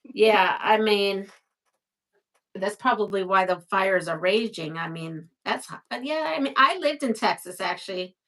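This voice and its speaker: A woman's voice: mid-range voice, unhurried, a bit bright. A woman from Brooklyn hosting a casual live stream, chatting, reading viewer comments aloud and laughing often. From Brooklyn, New York.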